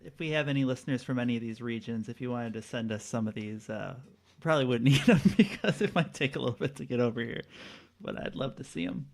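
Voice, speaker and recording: A laid-back man hosts a casual trivia game on a podcast. His voice sits at an ordinary middle pitch. He reads the questions and answers easily, with frequent chuckles. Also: quick pace, vocal fry. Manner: relaxed, laughs often while reading answers. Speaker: quiz host. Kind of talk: casual podcast quiz hosting.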